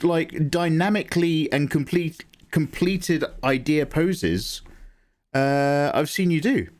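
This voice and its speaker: A man chatting casually with viewers while he draws on a livestream, getting excited, swearing freely and thanking people by name. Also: on the high side, slow. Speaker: livestreaming artist.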